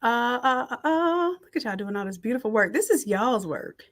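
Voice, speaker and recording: A middle-aged woman teaching a design class on a live stream, reading out the chat and warmly thanking people by name. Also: on the high side, expressive, moderate pace. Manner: warm, effusive thanks and shout-outs.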